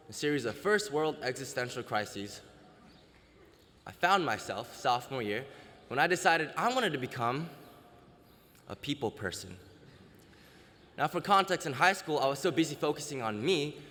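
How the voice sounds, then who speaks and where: A man's voice: mid-range voice, fairly bright tone, a little hiss or hum. A young man giving a self-deprecating, wry comic speech as a student orator at an outdoor ceremony. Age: young adult. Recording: outdoor PA with long reverb.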